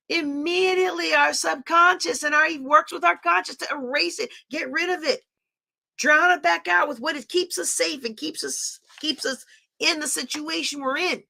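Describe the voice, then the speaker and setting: Lady teaching a class, chatty and animated, high bright voice. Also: creaky. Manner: chatty and animated, drawing on a board as she explains.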